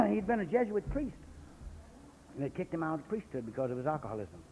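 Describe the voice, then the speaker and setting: A man's voice: on the high side, big pitch swings, brisk, very noisy. A man from San Jose giving a blunt, folksy recovery talk at a convention, full of profanity and stories. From San Jose, California. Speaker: AA speaker. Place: convention hall. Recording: echoey hall on lo-fi 1980s cassette.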